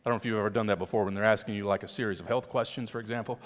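A man's voice: fairly low pitch, fairly even intonation, racing, hardly any pauses, in a large hall. A man preaching a sermon, talking to the congregation in a conversational way and asking rhetorical questions. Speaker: pastor.

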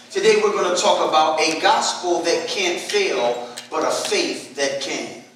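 A man's voice: on the high side, a bit bright, a little hiss or hum. A man preaching a sermon to his congregation, talking conversationally with humorous asides. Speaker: pastor. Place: church sanctuary. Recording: echoey church hall from a distance.

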